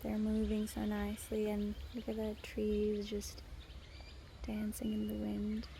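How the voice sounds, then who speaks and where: A young woman in a sunny park, talking softly and gushing about nature to a hand-held phone camera. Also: medium pitch, monotone, unhurried, creaky. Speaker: vlogger. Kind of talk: casual vlog to camera. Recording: faint outdoor noise. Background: birds and outdoor ambience.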